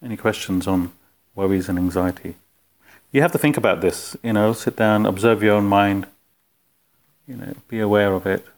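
A man with a lowish voice leads a relaxed philosophy class. He talks conversationally and keeps putting questions to his students. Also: normal speed, long pauses. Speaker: spiritual teacher. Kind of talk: informal philosophy class talk.

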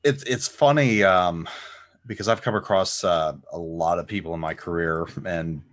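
An American man with a low, deep voice talks in an easygoing, relaxed way. He trades service stories in a casual conversation. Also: moderate pace. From United States. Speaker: podcast guest. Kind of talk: casual chat.

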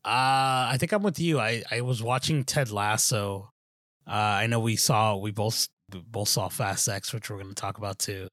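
Gravelly yet a bit bright, a lowish male voice rambles through a casual podcast chat as co-host, full of fillers, false starts and "dude." The audio is studio quality with no echo.

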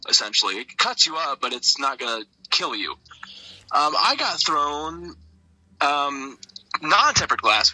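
A young man with a fairly high, very sharp and tense voice recounts his matches in loose, casual storytelling. He is laid-back and profane, breaking into laughter often. The sound is dry and close. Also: breathy edge, no echo, low-quality recording. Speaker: interview guest, wrestler.

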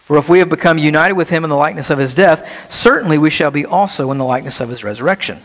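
A man preaching a sermon as pastor, animated and full of rhetorical questions, recorded in a church sanctuary. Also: a little high, fast talker. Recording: long reverb of a church hall.

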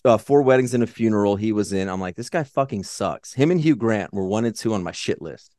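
A man co-hosting a podcast, chatting casually and profanely about movies in a rambling, animated way. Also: fairly low pitch, fast talker, no room sound. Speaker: podcast co-host.

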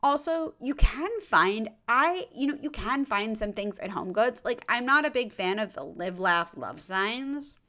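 A woman's voice: fairly high pitch, animated, measured pace, hardly any pauses, pushed and bright. A tired woman hosting a podcast, chatting casually and giving advice with lots of fillers, asides and self-deprecating jokes. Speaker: podcast host.

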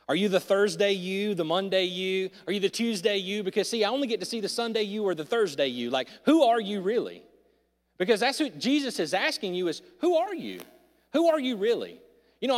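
A man preaching a sermon, candid and self-deprecating, who swings from loud outbursts to hushed asides. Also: sits high. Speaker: pastor. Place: large church hall. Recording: reverberant church sanctuary.

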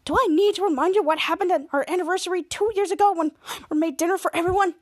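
A man's voice: very high-pitched, quick pace, no echo, clean studio sound. A woman reading the lines of a wary, reluctant suburban father.

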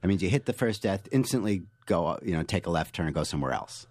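A man with a very low voice answers interview questions in an animated, storytelling way, often restarting his sentences. The sound is close and dry, with no room around it. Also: fast talker, no room sound. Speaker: guest author.

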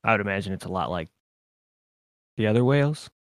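A man co-hosting a casual podcast chat, deadpan and full of crude jokes, who introduces the songs. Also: fairly low pitch, quick pace, dry recording, studio quality. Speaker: co-host.

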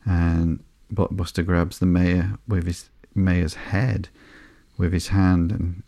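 A man hosting a podcast, reading through a comic book in a slow, sleepy, monotone way with soft fillers. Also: low voice, gravelly, no echo, clean studio sound. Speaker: podcast host.

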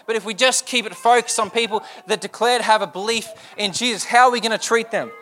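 Man, young pastor, sermon, high voice, bright tone, earnest rhetorical questions.

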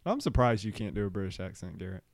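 A man co-hosting a podcast in casual chat, relaxed and halting, with plenty of fillers and laughs. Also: fairly low pitch, no room sound. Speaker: podcast co-host.

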